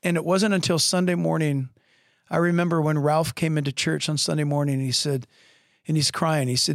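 A middle-aged man preaching a podcast sermon as pastor, telling stories with lively acted-out voices. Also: on the high side, a little fast, gravelly, dry recording, clean studio sound. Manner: animated, acts out voices in stories. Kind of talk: sermon storytelling. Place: podcast studio.

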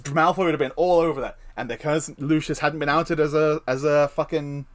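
A man's voice: on the high side, fairly even intonation, brisk. A man co-hosting a podcast, chatting casually and opinionatedly, swearing now and then. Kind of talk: casual chat.

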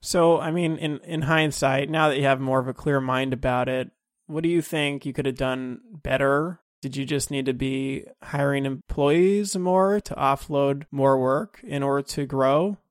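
Podcast guy asking follow-ups, measured, middle voice. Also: medium pitch, dry recording, studio quality. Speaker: podcast host. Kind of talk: interview questions.

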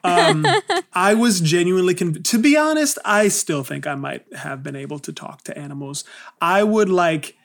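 A woman's voice: lowish voice, expressive, normal speed, gravelly. A woman co-hosting a podcast, telling rambling stories in casual chat with lots of "like". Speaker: podcast co-host.

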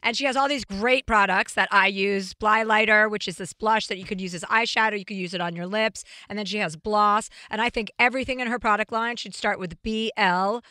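A woman's voice: mid-range voice, steady tone, brisk, few pauses, sharp tone, no echo. A woman hosting a podcast in a studio, chatting casually with a blunt, crude, teasing manner. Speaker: podcast host.

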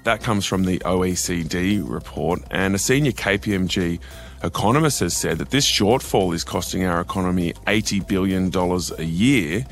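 A man's voice: low-pitched, normal speed, vocal fry, faint music behind. A young Australian man hosting a news podcast, chatty and upbeat. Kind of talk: casual news podcast chat.

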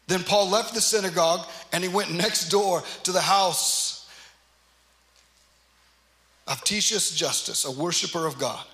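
A man with a high, bright voice leads a Bible study, reading scripture aloud and unpacking it with earnest emphasis. He drops into casual, conversational asides between readings. The room around him rings with noticeable echo. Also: measured pace. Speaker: pastor teaching a Bible study. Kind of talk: expository Bible teaching.

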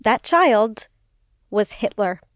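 A young woman co-hosting a casual chat podcast, playful and quick to joke, laughing often. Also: fairly high pitch, expressive, no echo, studio quality. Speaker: podcast co-host.

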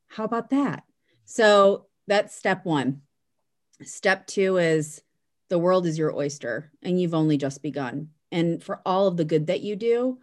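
Woman, low voice, warm-hearted rambling birthday tribute. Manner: emotional, affectionate, rambling.

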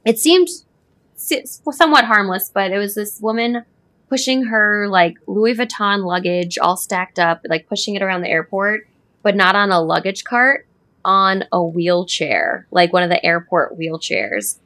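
A woman's voice: medium pitch, a little slow, sharp tone. A woman guest on a podcast telling a wry anecdote in breezy, casual chat.

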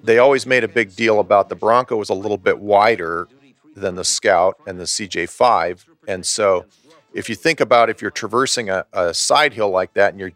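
A man being interviewed, telling a story in a relaxed way with many restarts and chuckles. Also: on the low side, no room sound. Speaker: author and historian interviewed.

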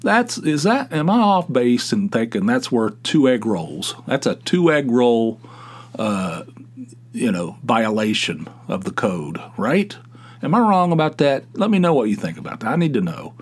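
A man's voice: mid-range voice, sing-song, unhurried. A middle-aged man hosting a podcast, telling a casual rambling story with many restarts and exasperated asides. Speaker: podcast host. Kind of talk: casual monologue.

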